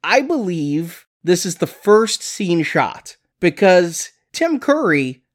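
A co-host on a casual film podcast tosses in quick, joking asides and pet theories. The voice sits at a middling pitch. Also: sing-song.

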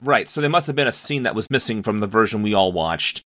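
A man chats about a film on a podcast, thinking aloud as he goes. His voice is bright and forceful, recorded dry and close with no room sound. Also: fairly low pitch, animated, fast, no echo. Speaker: podcast co-host. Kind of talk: casual film discussion.

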